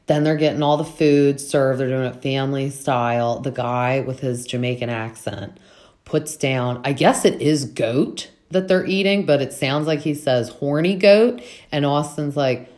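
Low-voiced chatty woman recapping. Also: measured pace, darkish tone. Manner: chatty, fillers, acts out quotes from the cast. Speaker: podcast host recapping reality TV. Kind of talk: casual chat recap.

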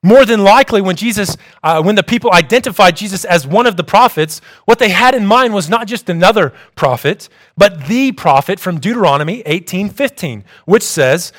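A young man delivering a sermon, reading in a measured, explanatory way. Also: high-pitched, animated, fairly bright tone. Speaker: preacher.

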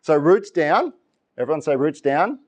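A middle-aged pastor preaching a sermon in an animated storytelling way. His voice sits a little high and swings widely in pitch as he acts out little voices and laughs between lines. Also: moderate pace.

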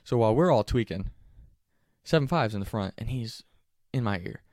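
Animated profane storyteller, young man. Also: medium pitch, normal speed, no room sound, studio quality. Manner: animated, profane, laughing while telling. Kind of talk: casual storytelling.

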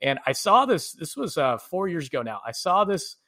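A man's voice: fairly high pitch, sing-song, moderate pace, bright, forceful tone. A man, a podcast co-host from the United States, animatedly telling travel stories in a casual chat, laughing often.

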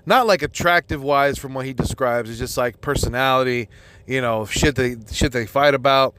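A man's voice: medium pitch, moderate pace, a bit bright, clear, resonant tone. A man hosting a podcast, talking casually and answering a listener's email in a profane, rambling way full of fillers. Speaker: podcast host.

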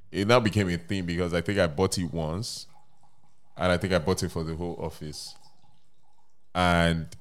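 Laughing young man. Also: low voice. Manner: animated, laughing anecdotes with slang. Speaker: podcast co-host. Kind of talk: casual chat.

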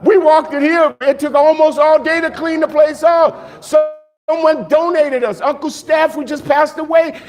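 Speaking at normal speed in a very high voice, this pastor preaches with animation. He asks rhetorical questions, answers them, and slips jokes and laughter between his points.

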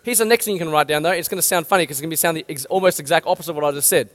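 A man's voice: on the high side, racing, fairly bright tone. A man, preaching an earnest, direct sermon. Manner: earnest, direct, rallying exhortations. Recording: long hall reverb.

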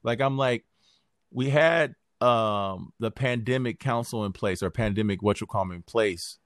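A man hosting a podcast, talking politics in a casual, animated way, full of slang and swearing and quick impressions of other people. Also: lowish voice, no room sound, clean studio sound. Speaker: podcast host.

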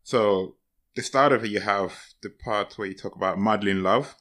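Male interviewer, low pitch with a bright forward tone, casual and easy-laughing. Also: moderate pace. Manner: laughs easily, loose phrasing. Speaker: podcast interviewer.

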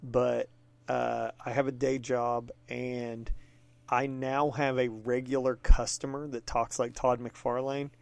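A man co-hosting a podcast, telling an animated, profane story in casual chat. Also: medium pitch, slow pace, creaky. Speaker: podcast co-host.

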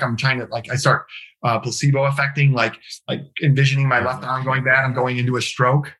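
A man's voice: medium pitch, flat delivery, brisk, pushed and bright, poor audio. A middle-aged man telling a raw personal story as a podcast guest, rambling, emotional and swearing, with many restarts.

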